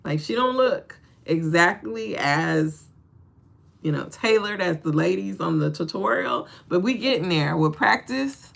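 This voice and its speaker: A woman with a lowish voice and vocal fry talks at a measured pace while hosting a casual livestream. She's animated, laughs a lot, and speaks directly to her viewers, offering preachy encouragement.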